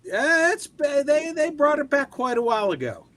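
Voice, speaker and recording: A man's voice: very high voice, sing-song, normal speed, a bit bright, no room sound. A man in a casual livestream chat giving short agreeing replies with fillers.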